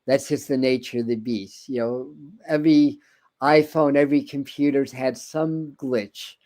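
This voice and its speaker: A man's voice: mid-range voice, fairly even intonation, unhurried, a little mellow. A man hosting a tarot livestream in casual chat, rambling with many restarts and repeated words. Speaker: tarot reader and livestream host.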